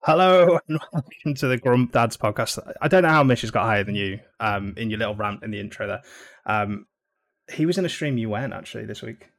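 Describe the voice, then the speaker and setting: A man's voice: on the low side, expressive, brisk. A man co-hosting a casual podcast from a home mic. He rambles and swears freely, laughing along the way. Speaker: podcast co-host. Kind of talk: casual chat.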